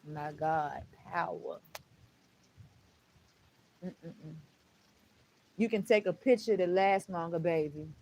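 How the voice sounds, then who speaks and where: A woman's voice: on the low side, slow, long pauses, darkish tone, a little hiss or hum, poor audio. A woman vlogger in an emotional monologue to camera, blunt and preachy, swearing often and calling viewers "baby" and "honey.".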